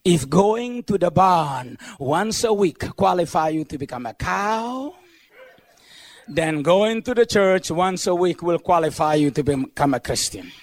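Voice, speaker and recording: A man voicing God as a calm, blunt male voice that speaks plainly. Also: high voice, unhurried. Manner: plain and matter-of-fact.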